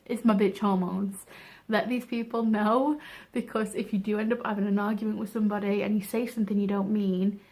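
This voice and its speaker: A woman's voice: medium pitch, level tone, a little fast, a little mellow. A young woman giving frank, chatty advice in a casual vlog, laughing at herself now and then. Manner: chatty, frank, self-deprecating. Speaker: vlogger.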